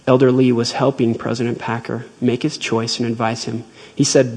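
A man giving a devotional talk, retelling a personal faith story in a measured, earnest way. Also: mid-range voice, little pitch movement, a little mellow, breathy edge, rough recording.

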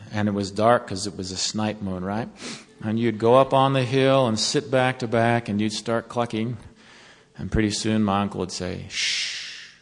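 Man, sermon speaker, folksy storytelling, mid-pitched voice, long hall reverb. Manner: storytelling, turning slow and earnest. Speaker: devotional speaker to college students.

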